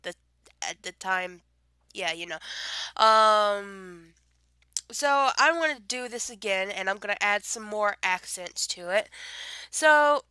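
A woman's voice: medium pitch, expressive, takes it slowly, long pauses, sharp tone, clean tone, no room sound. A woman with a subtle Southern accent, getting over a cold, chatting casually to camera in a meandering way with many fillers while reading out a word list at home. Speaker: vlogger.

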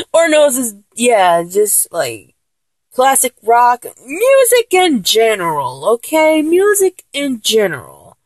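Lively, giggly woman in her twenties. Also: fairly high pitch, no echo. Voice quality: mature-sounding voice. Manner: rambling, giggly, jokey. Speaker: solo vlogger answering a questionnaire. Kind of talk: casual chat.

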